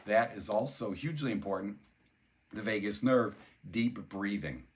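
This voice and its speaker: Low-voiced older man explaining neuroscience. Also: moderate pace, a little hiss or hum. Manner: conversational, repeats words, spells out terms. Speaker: neuroscience educator. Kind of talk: explanatory talk.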